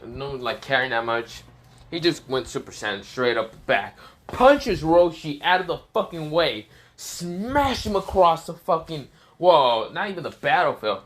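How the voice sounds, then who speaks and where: A man's voice: fairly high pitch, very animated, unhurried, a bit bright. A man casually telling an improvised fan story, rambling and swearing, full of fillers and self-corrections.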